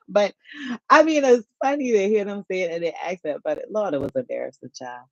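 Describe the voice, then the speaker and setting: A middle-aged woman, hosting a casual live-stream chat, animated and laughing often. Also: medium pitch, unhurried, long pauses, dry recording, highs cut off. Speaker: HR YouTube channel host. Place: home.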